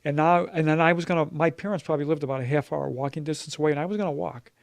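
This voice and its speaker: Gravelly fifty-something man, halting and earnest. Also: a little high, fairly even intonation, no echo, clean studio sound. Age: 50s. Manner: halting and earnest, with many fillers and restarts. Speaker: church member sharing his testimony. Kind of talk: personal testimony in conversation.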